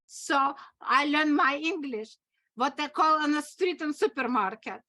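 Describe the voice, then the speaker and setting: A high-pitched woman with a Russian accent speaks in animated, halting English. She tells stories as an acting teacher, laughing between phrases, in a bright tone. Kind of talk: conversational storytelling.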